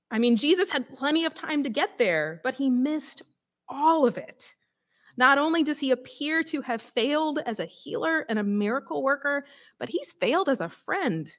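A woman preacher reading scripture aloud and giving a sermon, conversational and expressive with dramatic emphasis. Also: on the high side, a little slow.

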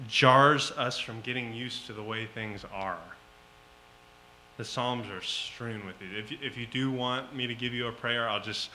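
A man preaching a sermon, slow and emphatic, rising to loud pleading at times. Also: mid-range voice, slight background noise, low-quality recording.

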